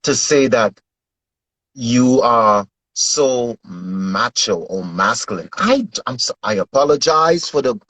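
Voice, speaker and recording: A man in an earnest, animated casual chat, often repeating himself. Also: medium pitch, slow pace, dry recording, rough recording.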